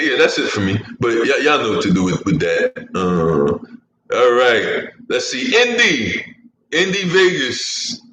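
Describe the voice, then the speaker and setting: Male podcast host, casual and rambling, swears a lot, bright tone, echoey room with faint hum. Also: fairly low pitch. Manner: rambling, swearing, laughs at own jokes. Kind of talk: casual fantasy sports chat.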